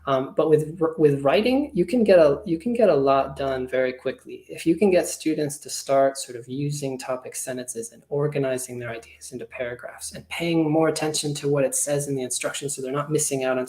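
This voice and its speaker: A man's voice: medium pitch, brisk. Guy running a teacher webinar, laid back, chatty, hedges a lot, echoey room sound. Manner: relaxed, conversational, hedging. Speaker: teacher trainer. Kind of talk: online webinar presentation. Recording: roomy echo.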